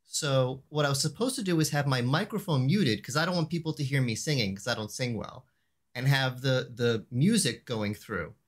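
A man on a video call, casually telling a funny anecdote and acting out the lines he shouted. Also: mid-range voice, moderate pace. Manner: animated storyteller, acts out the shouted line. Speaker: show regular, co-host.

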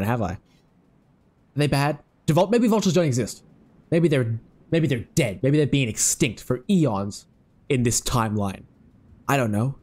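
Excitable man with a lively voice. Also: fairly high pitch. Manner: excitable, swears freely, chats to game creatures. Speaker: let's play host. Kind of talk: casual gaming commentary.

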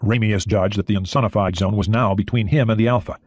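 A man reading an audiobook in a steady, expressive way. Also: lowish voice, fast talker, husky, no echo. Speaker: audiobook narrator. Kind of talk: audiobook narration.

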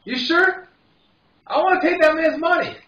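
A man putting on a loud jeering drunk saloon heckler. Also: very high voice, normal speed, reverberant, dull audio, voice pushed up. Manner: jeering, shouting.

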